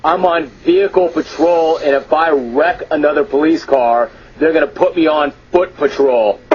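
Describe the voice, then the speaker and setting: In a radio studio, a man with a slightly high voice hosts a talk show, reading listener emails aloud in a brash, amused, mock-exasperated manner. The broadcast sounds dull and lo-fi, with slight background noise.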